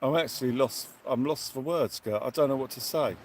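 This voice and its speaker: A man hosting a casual fishing livestream outdoors at night, excitedly thanking viewers. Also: medium pitch, fairly quick. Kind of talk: casual live chat.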